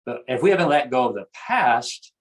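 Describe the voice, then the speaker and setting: Guy guesting on a talk, mid pitch, earnest teacher vibe, repeats himself a lot. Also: very animated, moderate pace, poor audio. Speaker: guest speaker on self-awareness. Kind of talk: conversational explaining.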